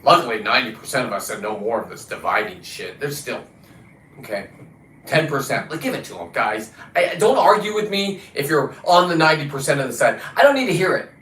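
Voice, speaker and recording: A combative man rants on his livestream, swearing freely and swinging between loud outbursts and quiet mutters. His voice sits at an ordinary middle pitch, and it carries a roomy echo around it. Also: very animated, a little fast. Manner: combative, swearing, shifts pitch and volume a lot. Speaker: livestream host. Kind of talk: casual profane rant.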